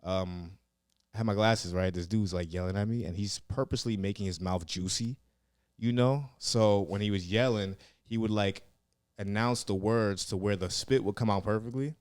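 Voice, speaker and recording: A young man with a very low voice tells loose, profanity-laced stories in a casual podcast chat, leaning on "like" and "yeah." The sound is close and dry, with no room around it. He talks in easy, meandering bursts. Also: normal speed, a little mellow, clear, resonant tone, dry recording. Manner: rambling, profane, heavy on "like" and "yeah". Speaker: comedian and former Marine recruit, podcast guest. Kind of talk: casual storytelling interview.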